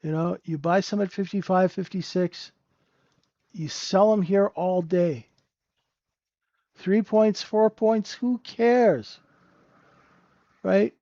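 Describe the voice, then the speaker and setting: A man's voice: sits high, slow pace, pauses often, mellow, no room sound, highs cut off. A man hosting a live trading room, giving casual, blunt and joking market commentary and often asking "right?". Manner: blunt and profane. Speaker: trading room host and mentor.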